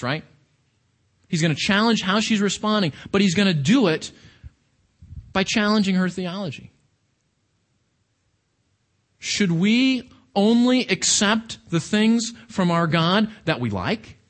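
A man with a high voice delivers a sermon. He talks to his listeners casually but with emphasis, often asking them questions. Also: a bit bright. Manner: conversational, emphatic with rhetorical questions. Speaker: preacher.

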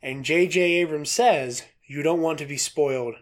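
A man co-hosting a podcast, reading a news story aloud in a casual, excitable way, laughing often and swearing casually. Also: on the high side, normal speed. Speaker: podcast co-host.

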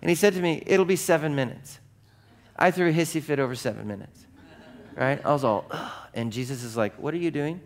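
A middle-aged man preaches from a church stage, talking to the congregation as if chatting with them. His voice sits at an ordinary pitch for a man. He keeps asking the room questions and acts out the voices in his stories. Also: fairly even intonation, fairly quick. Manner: conversational, asks the congregation questions, acts out quoted voices in anecdotes. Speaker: pastor. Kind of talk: sermon.

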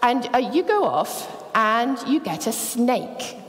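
Woman preaching with lively pitch. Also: slow. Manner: lively storytelling, acting out voices. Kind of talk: sermon. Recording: long church reverb.

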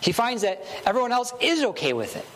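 A man's voice: very high voice, very animated, brisk, a bit bright, slight background noise. A man preaching a sermon earnestly, building emphasis with short repeated phrases.

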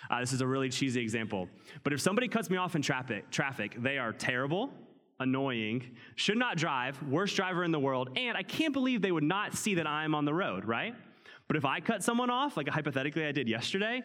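A man preaching a sermon as pastor, reading scripture aloud and then explaining it in an animated, conversational way. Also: a little high, fairly quick, long reverb tail. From United States.

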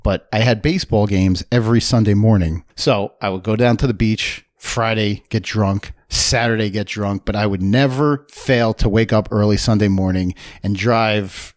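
A man's voice: fairly low pitch, steady tone, moderate pace, few pauses, no echo, studio quality. A middle-aged man from New Jersey chatting casually on a podcast, rambling with many restarts and fillers. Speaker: podcast guest. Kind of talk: casual chat.

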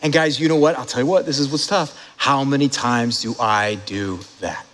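A male pastor preaching a sermon in an animated way, talking straight to his congregation with quick asides and laughs. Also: mid-range voice, in a large hall, a little hiss or hum.

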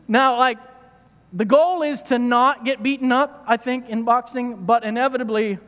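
A man's voice: extremely high pitch, steady tone, moderate pace, fairly bright tone, in a large hall. A man giving a sermon from a church stage, in a playful, joking manner. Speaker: preacher.

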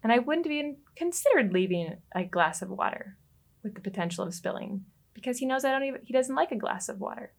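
A woman, a relationship coach, telling a personal story as a podcast guest, lively and quick to laugh. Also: on the high side, creaky. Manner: animated, laughs often and acts out quoted lines.

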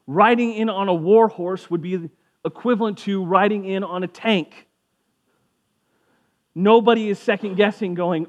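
A man's voice: high voice, unhurried, pauses often. A man giving a casual sermon as a pastor, conversational and jokey, briefly acting out voices of people in the story.

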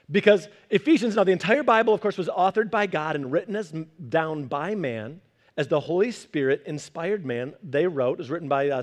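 A young pastor with a high voice preaches in an animated, conversational style, acting out quotes along the way.

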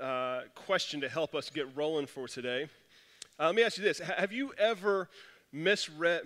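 A man's voice: fairly high pitch, sharp tone, long reverb tail. A man preaching a casual, conversational sermon as pastor, self-deprecating and telling stories with frequent restarts.

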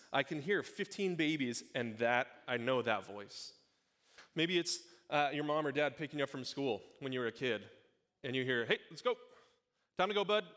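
Young male pastor, casual and joking, talks easily to the room, mid-pitch voice. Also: a bit bright. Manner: conversational and jokey, with asides to a live congregation. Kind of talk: sermon.

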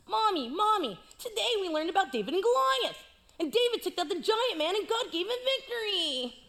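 Eager small child, voiced by a woman, high and sing-song. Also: sing-song, brisk, vocal fry, fairly bright tone, heavily acted. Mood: excited. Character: excited little child telling mommy.

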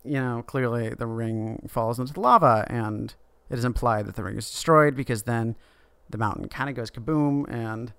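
A man co-hosting a casual book podcast, retelling the story and slipping into quick quoted voices. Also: mid-range voice, creaky, fairly bright tone, clear, resonant tone, no echo. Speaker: podcast co-host. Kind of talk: casual book discussion chat.

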